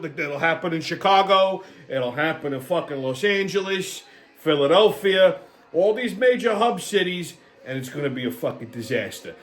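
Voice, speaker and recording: Profane ranting man. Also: high voice. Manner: profane, combative, repeats "okay?". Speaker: host. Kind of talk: ranting commentary.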